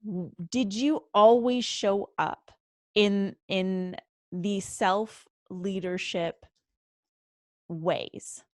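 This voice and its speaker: Slow-speaking woman host, dry sound. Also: mid-range voice, steady tone, darkish tone, no room sound. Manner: thoughtful, measured questioning. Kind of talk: interview.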